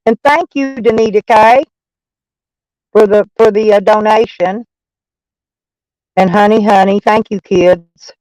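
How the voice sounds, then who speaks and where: Texan woman streamer, loose and profane, mid pitch, dry sound. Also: steady tone, slow, pauses often, a little mellow, dry recording, low-quality recording. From Texas. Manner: rambling, profane, folksy. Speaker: live streamer. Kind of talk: casual live-stream chat.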